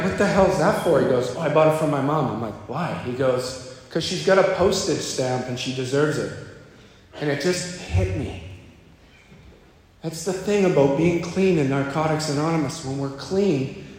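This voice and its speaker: A man telling his own recovery story at a meeting, slipping into a lower voice when he quotes others. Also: a little mellow. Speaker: speaker sharing at a recovery meeting. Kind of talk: personal recovery talk. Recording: echoey hall, faint ambience.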